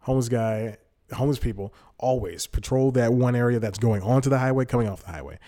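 A man's voice: mid-range voice, fast, warm tone. A young man hosting a podcast, telling casual stories on his own, rambling, correcting himself and laughing often mid-sentence. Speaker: podcast host. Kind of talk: casual solo storytelling.

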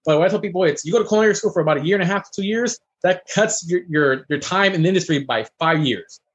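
A man who is a chef, chatting casually as a guest and telling stories in a fast, animated way. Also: high-pitched, husky, highs cut off. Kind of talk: casual chat.

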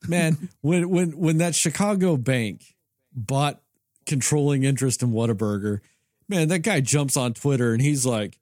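A man's voice: mid-range voice, unhurried, a little mellow, no echo, studio quality. A man co-hosting a podcast in casual chat, ranting in a heated, profane way. He is from Texas. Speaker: podcast co-host.

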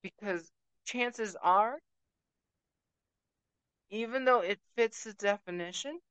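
A woman's voice: mid-range voice, slow pace, a bit bright, smooth, no echo, low-quality recording. A woman from Puerto Rico ranting emphatically to camera as a vlogger, dropping Spanish words into her talk. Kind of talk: emotional rant to camera.

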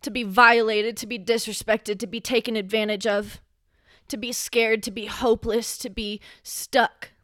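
A young woman hosting a solo podcast, speaking with raw emotion and swearing, sometimes rising to a yell. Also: on the high side, little pitch movement, normal speed, no room sound, clean studio sound. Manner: impassioned, swearing, rising to yelling when angry. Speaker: podcast host.

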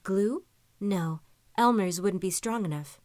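A woman narrating a story in an even, measured reading voice. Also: mid-range voice, no room sound, clean studio sound. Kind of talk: audiobook-style story reading.

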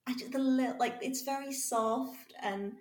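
English woman, lively chat in echoey room. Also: high-pitched, measured pace. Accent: neutral southern English. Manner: lively, animated storytelling, frequent laughter. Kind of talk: casual chat.

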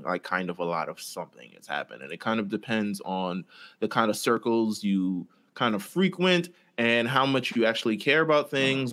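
A man's voice: on the low side, fairly bright tone. A young man co-hosting a podcast, teasing and bantering in casual chat. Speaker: podcast co-host.

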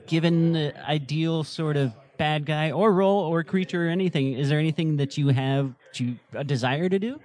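A man hosting a podcast, asking a guest questions in a relaxed, casual way. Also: fairly high pitch, normal speed, few pauses. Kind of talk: casual interview.

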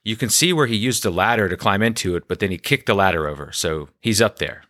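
A man hosting a storytelling podcast, recounting a personal story in a deadpan, conversational way. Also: fairly low pitch, quick pace, no room sound, clean studio sound.

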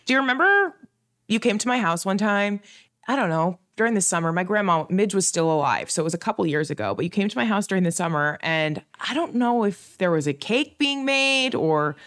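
A woman in her late twenties co-hosting a podcast, telling stories in an animated way with frequent laughter and casual swearing. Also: medium pitch, fairly quick. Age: late 20s. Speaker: podcast co-host. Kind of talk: casual chat.

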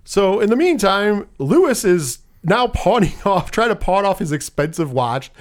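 Guy retelling a movie scene by scene, fairly high voice that jumps all over, does little voices for the characters. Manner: animated retelling, acting out scenes in quick voices. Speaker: movie podcast co-host. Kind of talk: casual movie recap chat.

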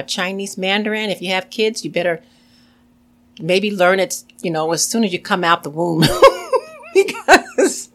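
A woman's voice: fairly low pitch, fairly bright tone. A woman hosting a podcast, telling stories in a chatty, casual way with frequent fillers and laughs. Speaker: podcast host.

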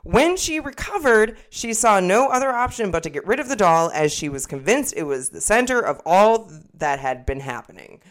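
A woman's voice: mid-range voice, sing-song, normal speed, few pauses. A young woman co-hosting a podcast in casual chat, rambling and swearing freely, often restarting her sentences. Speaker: podcast co-host.

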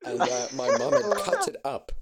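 A man's voice: very high voice, normal speed, background noise. A young man in casual podcast chat, telling childhood stories and laughing often. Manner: animated storyteller, laughs often. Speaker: podcast co-host.

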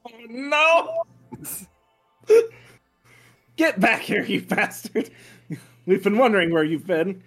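A man's voice: sits high, big pitch swings, slow, long pauses, a bit bright, soft background music. A man playing in a tabletop game, joking and bantering in character. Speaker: player.

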